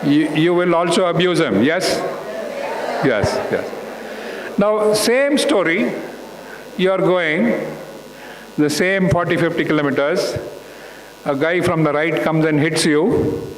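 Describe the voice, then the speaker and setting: A man's voice: a little high, lively intonation, takes it slowly, pauses often. A man giving an interactive talk to students, asking them questions again and again. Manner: asks the audience questions again and again. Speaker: guest speaker at a school talk. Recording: echoey hall with faint hum.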